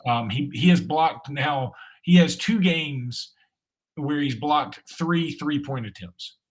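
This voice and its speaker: A man's voice: a little high, slow pace, husky. A man co-hosting a sports podcast, talking casually and rambling with frequent restarts and filler words. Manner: chatty, rambling with repeated restarts. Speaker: podcast co-host.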